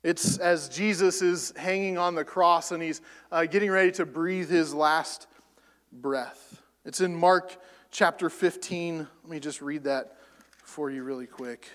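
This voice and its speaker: A man preaching a sermon, rising to loud emphatic peaks and falling back soft. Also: on the high side, a little slow, in a large hall. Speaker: pastor.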